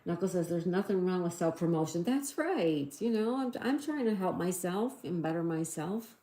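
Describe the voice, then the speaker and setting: Woman, middle-aged, livestream host, mellow low voice, echoey room, giggly, chatty. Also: expressive, moderate pace. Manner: chatty, giggly, reads out chat messages. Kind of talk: casual livestream chat reading viewer comments.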